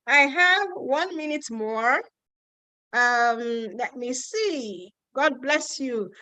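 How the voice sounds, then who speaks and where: Nigerian woman with a Yoruba accent, live webinar host, high voice, chatty and emphatic, dry close sound. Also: sharp tone, dry recording, rough recording. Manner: chatty and emphatic, repeats points, answers questions with quick asides. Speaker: host answering viewer questions. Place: home in Ontario.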